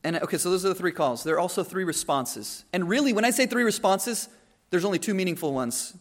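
Young male preacher, high-pitched, conversational sermon delivery with restarts. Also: expressive, fairly quick. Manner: conversational, with many restarts and acted-out quotes.

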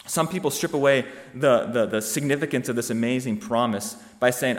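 A man's voice: mid-range voice, a little fast, few pauses. Man preaching in an echoing hall. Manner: emphatic, rhetorical questions, rising to loud peaks. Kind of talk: sermon. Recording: long reverb of a hall.

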